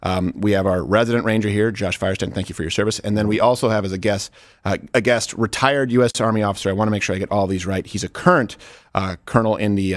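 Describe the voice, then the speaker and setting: A man's voice: lowish voice, no room sound. A man hosting a political talk show, emphatic and joking, with frequent laughs. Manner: animated, emphatic, laughs often. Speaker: host.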